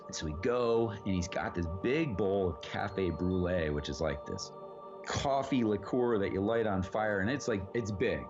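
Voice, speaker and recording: A man telling a long anecdote in a relaxed, casual way, rambling with many fillers and the odd swear word. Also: fairly low pitch, normal speed, over music. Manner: rambling, lots of "like" and "you know", swears freely. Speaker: actor guest. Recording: dull lo-fi sound.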